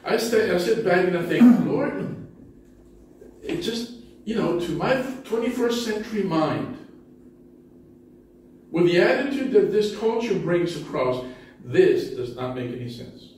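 Man, pastor, sermon, slightly high voice, heavy echo, far from the mic, chatty storytelling. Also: expressive, unhurried, a little mellow, slight background noise. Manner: conversational storytelling, self-deprecating humor. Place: church sanctuary. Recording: very echoey hall, distant mic.

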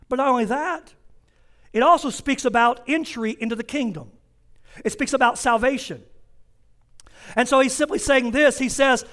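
A male pastor preaching a sermon in a church, driving points home with repeated phrases and slowing down to stress key words. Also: extremely high pitch, fairly bright tone. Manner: emphatic repetition, slows down for stress. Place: church sanctuary.

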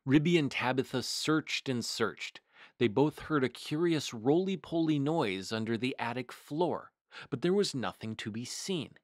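A man's voice: mid-range voice, dry recording, studio quality. A man reading a storybook aloud. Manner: measured, expressive storytelling. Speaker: storytime host. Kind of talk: reading a picture book aloud.

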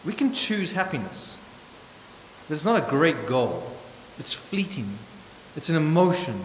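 A male pastor preaching a sermon with emphatic points and wry asides, swinging from loud stresses to hushed remarks. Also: fairly high pitch, very animated, measured pace. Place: church hall. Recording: echoey church hall with hiss.

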